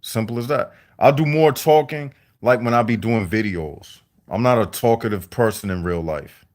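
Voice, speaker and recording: Man, fairly low voice, slow deliberate preachy talk, live video monologue. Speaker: vlogger. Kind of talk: livestream monologue to viewers.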